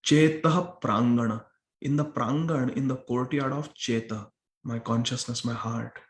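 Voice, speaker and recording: Measured and fairly even in intonation, a medium-pitched male voice delivers a scripture class sermon in a temple hall. He goes through a verse word by word, repeating phrases for emphasis, and the recording carries the hall's roomy echo.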